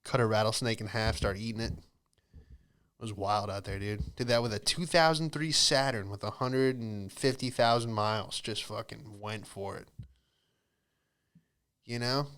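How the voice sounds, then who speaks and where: A man's voice: lowish voice, steady tone, measured pace, a bit bright, clean tone. A man hosting a podcast, telling loose comedic stories with frequent swearing and self-interruptions. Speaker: podcast host. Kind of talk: rambling comedic storytelling.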